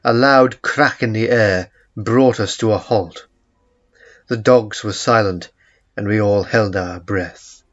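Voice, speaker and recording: Slow low-voiced male story narrator. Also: a bit bright. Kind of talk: first-person audiobook narration. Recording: muffled lo-fi recording with faint music.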